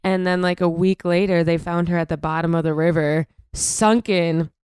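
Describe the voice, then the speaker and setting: Smooth-voiced woman podcast host, fast storyteller. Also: fairly low pitch, fairly even intonation, darkish tone, dry recording. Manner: fast storytelling with playful impressions. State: morning voice. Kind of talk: casual comedic chat.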